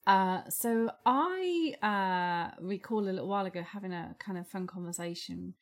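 A woman's voice: mid-range voice, moderate pace. A woman co-hosting a podcast in casual chat, giggly and playful. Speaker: podcast co-host.

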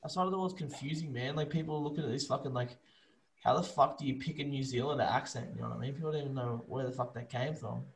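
An Australian man co-hosting a podcast, loose and excitable, swearing a lot, talking over a remote call. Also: medium pitch, fast, vocal fry, poor audio. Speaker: podcast co-host. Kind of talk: casual chat.

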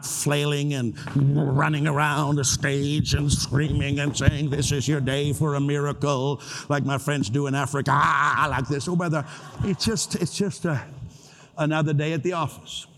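Older guy pastor giving a sermon, kinda high voice, chatty and jokey, slides into prayer. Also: flat delivery, normal speed, fairly bright tone. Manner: conversational, joking asides, shifts into prayer.

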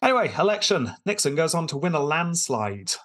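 A man's voice: on the high side, very animated, brisk, a bit bright. A man hosting a casual history podcast, telling the story with quotes and dry asides.

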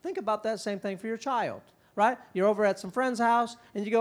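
Animated middle-aged man giving a talk. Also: high voice. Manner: animated, acts out parents and kids in quick quoted voices. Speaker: conference speaker on parenting. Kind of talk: conference talk.

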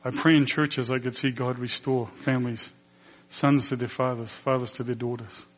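A man's voice: mid-range voice, level tone, normal speed. Earnest male pastor in a reverberant hall. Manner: earnest storytelling, acting out quoted dialogue. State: emotional. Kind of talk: personal testimony in a sermon.

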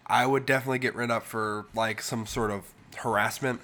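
A man with a voice of middling pitch co-hosts a casual podcast. He answers with dry, wry asides and keeps the talk relaxed. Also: fairly quick, slight background noise. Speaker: podcast co-host. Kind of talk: casual chat.

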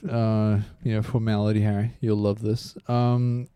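A man's voice: fairly low pitch, level tone, a little slow, dark tone, clean tone, no room sound. Self-mocking man on a comedy podcast. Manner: self-mocking joker who laughs at his own lines. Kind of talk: casual chat.

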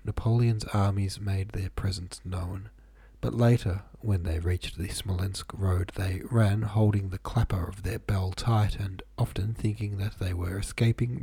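A man hosting a podcast, reading a novel aloud in a calm, measured way, nasal and stuffy from a head cold. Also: low-pitched, creaky, slightly rough, dry recording. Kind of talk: audiobook-style reading.

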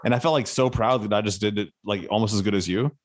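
A man's voice: lowish voice, fast. A man hosting a casual podcast chat. He swears freely and laughs often. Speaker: podcast host. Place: Nashville.

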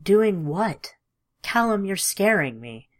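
A woman's voice: medium pitch, sing-song, takes it slowly, voice pushed up. A woman voicing a grieving young man who begs and pleads in an audiobook story. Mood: alarmed. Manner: pleading, emotional.

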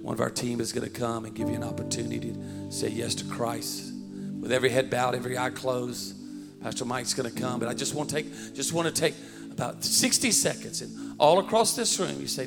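A man preaching a sermon as pastor, telling stories with rising, animated delivery that breaks into shouts. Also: medium pitch, normal speed, creaky, long reverb tail, over loud music.

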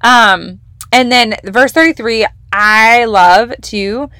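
A woman's voice: on the high side, slow pace, pushed and bright, clean tone, no room sound, clean studio sound. A young woman hosting a devotional podcast, teaching from the Bible in a casual, enthusiastic, emphatic way. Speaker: podcast host leading a devotional.

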